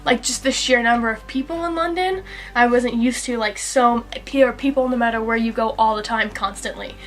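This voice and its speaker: A woman's voice: on the high side, a little fast. A young American woman, a university student talking casually and easily, often laughing. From United States. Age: young adult. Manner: easygoing, laughs often, rambling with fillers. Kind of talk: casual chat.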